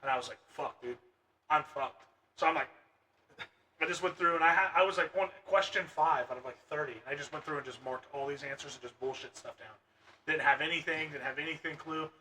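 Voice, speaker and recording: A man's voice: on the high side, fast talker, bright, forceful tone, distant mic. A man co-hosting a podcast, telling rambling stories in a casual chat and swearing freely. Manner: rambling storyteller, swears a lot. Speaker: podcast co-host.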